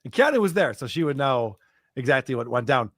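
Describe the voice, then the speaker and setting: A man's voice: mid-range voice, very animated, a little fast, fairly bright tone, no room sound, studio quality. A man who is a podcaster, defending himself in a combative, swearing way.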